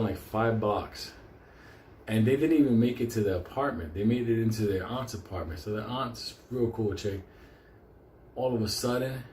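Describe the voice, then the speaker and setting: A man telling a profane comic story, animated and often laughing. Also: medium pitch, a little hiss or hum. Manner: animated, laughing, heavy swearing. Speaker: show host telling a story. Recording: echoey room with faint ambience.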